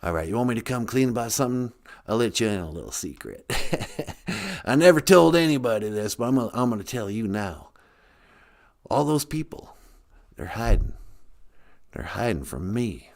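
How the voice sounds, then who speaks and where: A man's voice: medium pitch, animated, moderate pace, creaky, long pauses. A man doing an impression of an older former male president, speaking in a hesitant, folksy drawl full of uhs. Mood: conspiratorial.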